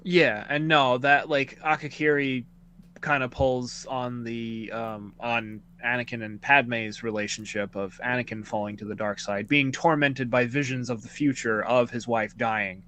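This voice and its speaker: A man's voice: medium pitch, fairly even intonation, unhurried, pushed and bright, a little hiss or hum. A man co-hosting a podcast, chatting casually and agreeing often. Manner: agreeable, lots of yeahs. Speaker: podcast co-host. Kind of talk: casual review chat.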